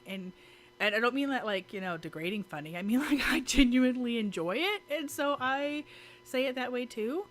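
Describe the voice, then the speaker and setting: A woman's voice: on the high side, expressive, normal speed, slight background noise. A woman with kids, vlogging casually to camera, chatty and giggly with lots of fillers and restarts. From United States. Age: adult with children. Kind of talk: casual talking-to-camera vlog. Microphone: camera mic.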